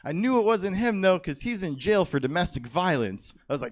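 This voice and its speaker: A man's voice: a little high, lively intonation, brisk, hardly any pauses. A man hosting a stand-up comedy show on a club stage, laid-back and self-deprecating, saying "man" and "dude" a lot.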